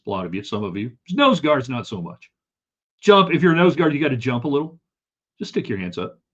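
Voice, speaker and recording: A man hosting a live sports talk show, chatting casually and joking as he reads viewer comments. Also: medium pitch. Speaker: sports talk show host reading chat. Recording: slightly dull lo-fi sound.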